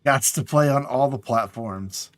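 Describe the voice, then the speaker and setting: A man's voice: mid-range voice, unhurried, no echo. A man casually chatting to his viewers while playing a game on a live stream, sounding tired and yawning. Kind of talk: casual live gameplay chat.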